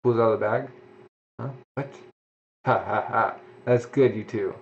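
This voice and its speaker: A man's voice: medium pitch, unhurried, a little hiss or hum. Man reading manga aloud, lo-fi. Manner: reacts with huh and voiced sound effects. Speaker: manga reader. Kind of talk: casual manga read-aloud with commentary.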